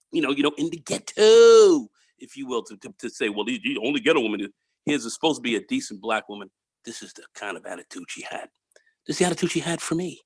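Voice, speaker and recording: A man hosting a podcast who tells a story in a casual, animated way, repeating words and acting out the dialogue. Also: on the high side, breathy edge, no room sound. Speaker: podcast host.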